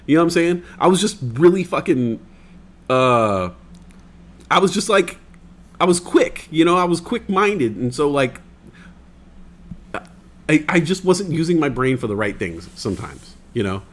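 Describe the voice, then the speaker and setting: A young man chatting on a livestream, his voice fairly high and bouncing all over the place as he tells a story. He swears freely and keeps slipping into the voices of the people in it. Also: unhurried, pauses often. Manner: animated, swears often, acts out quoted voices. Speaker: stream co-host. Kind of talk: casual storytelling chat.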